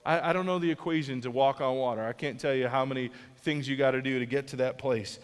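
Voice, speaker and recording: A man's voice: mid-range voice, fairly even intonation, fast, clean tone, big-room sound. A male pastor preaching a sermon in an earnest, conversational way, often restarting his sentences. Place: large church auditorium.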